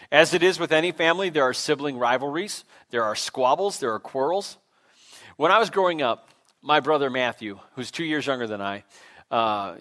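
A man's voice: mid-range voice, a bit bright. Conversational man preaching a sermon. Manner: conversational, self-deprecating, with frequent fillers and restarts. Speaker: pastor. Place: church sanctuary.

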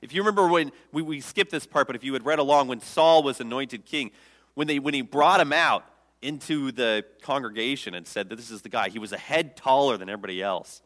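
A man's voice: medium pitch, brisk, in a large hall. A man preaching a sermon as pastor, telling the story with humor and acting out the quotes. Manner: lively storytelling, jokes and acts out quotes.

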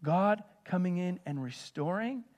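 A middle-aged male pastor delivering a sermon in a fairly high-pitched voice. He preaches with animated, emphatic bursts and then falls back to quiet, conversational asides. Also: measured pace, dull audio. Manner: animated preaching, swings from loud emphatic peaks to soft asides.

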